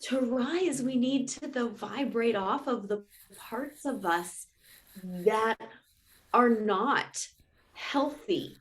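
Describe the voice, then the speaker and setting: Woman, guest, earnest, halting, repeats words, casual spiritual talk. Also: a little high.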